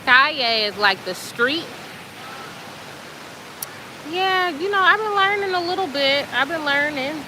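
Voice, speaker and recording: A woman host telling a story in a casual, chatty way, animated and colloquial with plenty of fillers. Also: high voice, unhurried, pauses often, noisy background.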